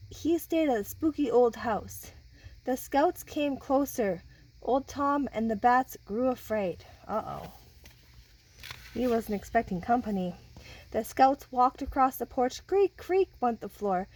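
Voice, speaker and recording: Over poor audio, a fairly high-pitched woman's voice reads a children's picture book aloud. She's animated and stops to talk with the children who are listening.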